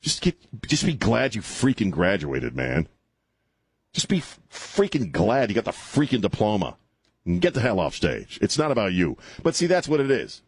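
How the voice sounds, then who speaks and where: Brash male talk radio host, deep-ish voice, close dry studio mic, sardonic call-in rant. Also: wildly swooping pitch, normal speed, breathy edge, no echo. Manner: brash, mocking, laughs at his own jokes. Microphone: studio microphone.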